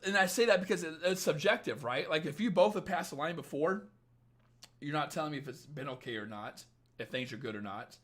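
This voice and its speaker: Profane joking man on a livestream. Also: medium pitch. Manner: profane, joking, animated trash talk. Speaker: dating coach livestream host. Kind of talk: casual livestream chat reading viewer comments.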